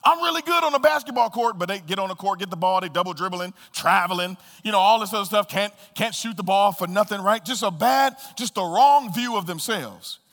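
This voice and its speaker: A man preaching a sermon as pastor, swinging between loud bursts and hushed asides. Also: sits high, animated, brisk, few pauses. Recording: reverberant hall.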